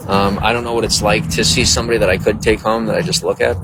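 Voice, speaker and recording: A man's voice: on the low side, fairly even intonation, quick pace, creaky, background noise. A man casually chatting on a live stream, greeting viewers by name in a loose, boastful, flirty way.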